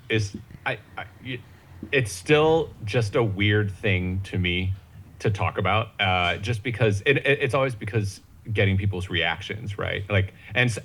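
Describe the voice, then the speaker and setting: A man from Ohio chats as a podcast guest, his voice sitting a bit low. He talks in halting bursts, restarting sentences and undercutting himself with jokes. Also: a bit bright. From Ohio, USA. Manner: halting, many restarts and "you know what I mean", jokey asides. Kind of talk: casual conversational storytelling.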